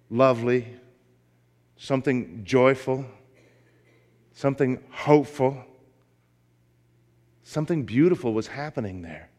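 A pastor preaches to his congregation, his man's voice pitched in an ordinary middle range. He moves from emphatic exhortation into folksy storytelling. The sound carries a long reverb, as if in a large church sanctuary. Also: darkish tone. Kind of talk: sermon.

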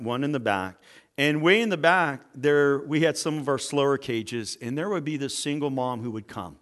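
A middle-aged man preaching as a pastor, telling personal stories and acting out the voices of the people in them. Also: mid-range voice. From California. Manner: animated storyteller, acts out quoted voices. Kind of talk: sermon storytelling.

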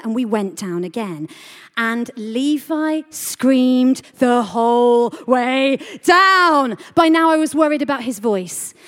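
A woman giving a lively sermon to a congregation, telling a story with animated delivery and questions to the audience. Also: sits high. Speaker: preacher. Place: church hall. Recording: reverberant hall.

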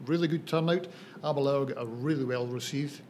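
A man in his fifties with a broad northeast Scottish accent, chatting as a guest distiller on a podcast, friendly with frequent pauses. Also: mid-range voice, a little mellow, a little hiss or hum. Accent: northeast Scottish, Banffshire. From Scotland. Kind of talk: casual podcast chat.

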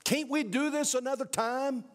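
A man's voice: fairly even intonation, moderate pace. A man voicing a small male red lizard that mocks and pleads, coaxing in a raised voice. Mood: pleading. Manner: pleading and coaxing, rising pitch.

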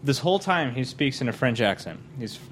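A man's voice: mid-range voice, lively intonation, fairly quick, a bit bright, slight background noise. A man in a casual chat, telling a story with frequent restarts.

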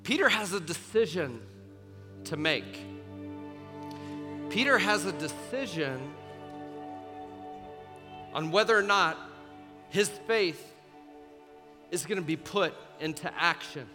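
A young man preaching to students as a youth pastor, telling the story in a casual, animated way with many fillers. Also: on the high side, takes it slowly, pauses often. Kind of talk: sermon. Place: church auditorium. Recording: large hall with long reverb, faint music.

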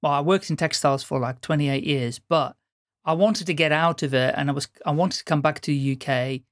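Speaking a little fast in a low voice, this podcast host, a middle-aged woman from the Netherlands whose first language is Dutch, keeps her interview casual and conversational. She tells stories in a chatty style, laughs a lot and often restarts sentences, recorded clean in a studio with no room sound.

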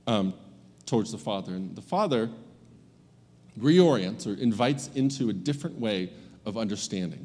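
A male pastor preaches in an easy, conversational way, often dropping into the voices of the story's characters. His pitch sits right in the middle for a man. The sound carries a long, echoing reverb from a large church space. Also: a little mellow. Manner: conversational, acts out biblical characters' lines. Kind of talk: sermon.

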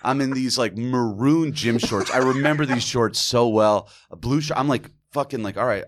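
A young man from Atlanta telling a drunken high school story on a podcast, acting out the people in it in a loose, profane way. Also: normal speed, background noise. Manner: animated, profane, acts out voices in anecdotes. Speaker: podcast guest. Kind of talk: casual storytelling chat.

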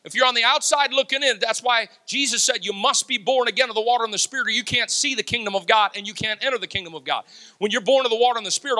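Male pastor, energetic sermon delivery, bright tone. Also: very high voice. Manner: animated preaching, laughs, acts out quotes.

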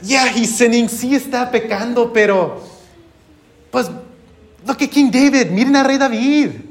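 A mocking, higher-pitched voice of male churchgoers brushing off a powerful sinner, put on by a man preaching a sermon. It sounds breezy and dismissive, switching between English and Spanish. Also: normal speed.

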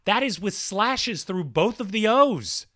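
A man's voice: sits high, expressive, takes it slowly, fairly bright tone, no echo. A male podcast co-host in casual chat, enthusiastically reading out listener mail.

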